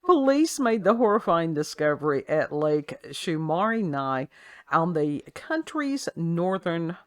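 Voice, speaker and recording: A woman's voice: fairly low pitch, sing-song, measured pace, no room sound, clean studio sound. A woman hosting a casual talk show, reading a news story aloud with sarcastic asides and frequent laughs. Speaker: podcast host. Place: at home with her child nearby.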